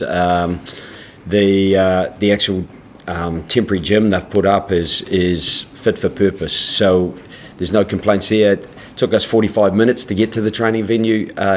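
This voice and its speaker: A head coach at a press conference, answering in a measured, halting way with frequent restarts. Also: male voice, low-pitched, slight background noise.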